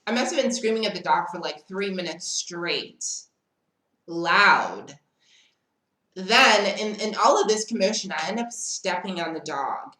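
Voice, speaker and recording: A woman spins a dramatic personal story in casual vlog chat, talking slowly and calling the listener "girl." Her voice sits a little low. The recording rings with an echoey room. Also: lively intonation, bright, forceful tone. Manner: chatty and dramatic, often calls the listener "girl". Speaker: storytime vlogger.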